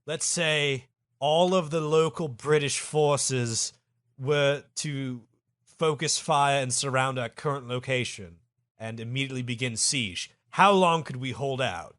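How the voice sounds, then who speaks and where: A man's voice: medium pitch, measured pace, fairly bright tone, dry recording, studio quality, lightly acted. A man voicing a spoiled, defiant young king in a comedy podcast. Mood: commanding. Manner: petulant, whiny.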